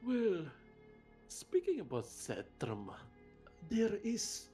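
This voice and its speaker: A man playing a tabletop role-playing game, speaking in character in a halting way. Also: high voice. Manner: slow, halting, lively intonation. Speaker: player. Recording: faint background music.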